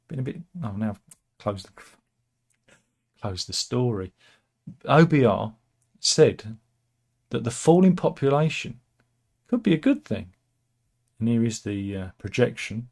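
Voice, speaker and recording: A man's voice: medium pitch, unhurried, gravelly, long pauses, darkish tone, breathy edge. Wry, rambling man reading the news. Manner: rambling and wry, with many restarts and asides. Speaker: host of a satirical news channel. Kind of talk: casual commentary on news stories.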